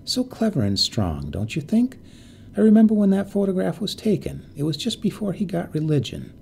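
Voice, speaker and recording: Gentle young woman in a storybook, earnest and fond, lively lilt; a gravelly male narrator reads her. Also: sits high, moderate pace, slight background noise, pitched above the performer's own voice, exaggerated voice. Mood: wistful.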